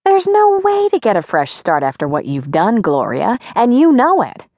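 A woman's voice: mid-range voice, huge pitch swings, normal speed, darkish tone, dry recording. A woman voicing a snarky inner voice that sounds like a scolding mother, scoffing and taunting.

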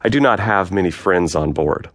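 A man putting on a slow, coaxing Trinidadian woman. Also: deep voice, lively intonation. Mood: sad. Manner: slow, soft-spoken, coaxing.

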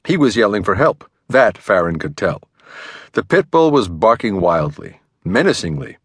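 A man narrating a thriller audiobook with a dramatic, expressive reading. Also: on the low side, moderate pace, breathy edge, no echo. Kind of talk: scripted narration. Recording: dry studio recording.

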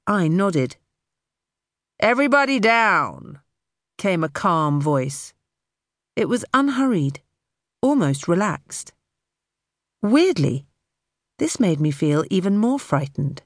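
A woman narrating an audiobook in the first person with expressive storytelling. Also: on the low side, takes it slowly, pauses often, no room sound, studio quality.

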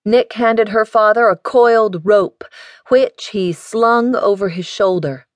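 A woman reads scripted audiobook narration in a mid-range voice, calm and even in her storytelling. There's no echo on the recording.

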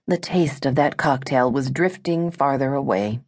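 A woman narrating a romance audiobook in a smooth, measured storytelling manner. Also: extremely low pitch, a little mellow.

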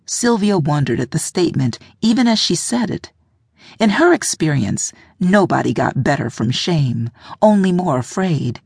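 A woman narrating an audiobook in a measured, reflective way, recorded in a studio booth. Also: sits low, big pitch swings, creaky, darkish tone, breathy edge, no room sound.

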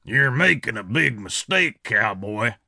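Man putting on a gravelly outlaw, raspy, sneering, calm menace, lively swings in tone, dry close sound. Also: medium pitch, a little slow, no room sound, exaggerated voice.

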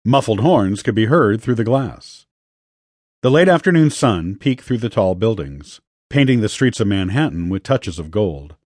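A man narrating an audiobook in a lowish, husky voice. His reading is expressive, with wide swings of pitch. The recording is dry and close. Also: moderate pace, no room sound. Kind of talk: scripted narration.

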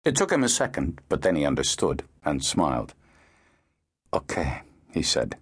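A man narrating an audiobook in a measured, expressive storytelling manner. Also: rumbling low, breathy edge.

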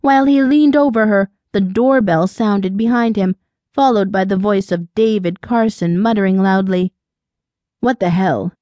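A woman narrating an audiobook in an even, measured storytelling voice. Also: medium pitch, no echo, lo-fi sound.

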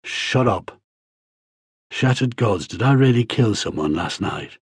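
A big, hungover mercenary , voiced by a male narrator, growls and mutters in a husky voice. The sound is dry and close. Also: lowish voice, expressive, a little slow, dry recording, heavily acted. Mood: groggy.

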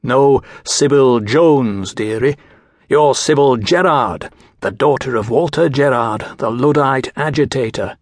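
A man voicing a smooth, cold gentleman from Manchester with a Mancunian accent, slow and superior in manner. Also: medium pitch, no room sound, clean studio sound, lightly acted. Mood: smug.

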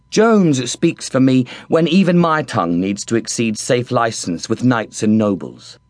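A man's voice: mid-range voice, dry recording. A man reading a comic first-person audiobook with cheeky, mocking wit. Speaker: audiobook narrator.

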